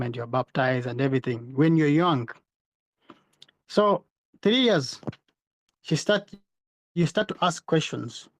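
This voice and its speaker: A man's voice: a little high, dry recording. A man hosting a podcast discussion, explaining his point earnestly over an online call, often restarting words as he goes. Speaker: podcast host. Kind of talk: casual discussion.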